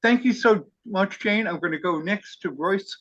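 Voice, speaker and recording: A man hosts an online study class, his voice bright and a little higher than most men's. He sounds eager and effusive, and he slows down to spell things out. The video-call audio is muffled. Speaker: class leader.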